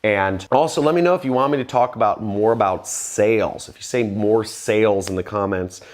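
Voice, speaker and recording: Confident low-voiced man giving sales tips. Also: normal speed. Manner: emphatic, confident, trails off low and quiet at phrase ends. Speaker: online business vlogger. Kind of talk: direct-to-camera sales tips talk.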